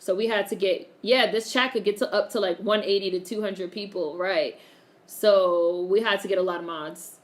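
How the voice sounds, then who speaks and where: A woman's voice: mid-range voice, steady tone, normal speed. Chatty woman streamer reading chat. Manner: chatty, swears freely, laughs often. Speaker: live streamer. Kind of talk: casual live-stream chat, reading viewer comments.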